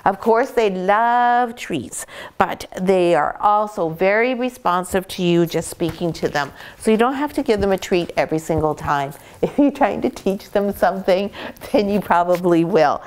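A woman dog breeder calmly explaining puppy care, gently praising the dogs as she goes. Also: mid-range voice, moderate pace. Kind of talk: instructional puppy-care talk.

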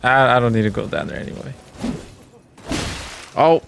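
Slow, gravelly-voiced swearing gamer man. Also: mid-range voice, fairly bright tone, a little hiss or hum. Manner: frustrated, swearing, talking to himself. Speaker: gamer streamer. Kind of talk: casual gameplay commentary.

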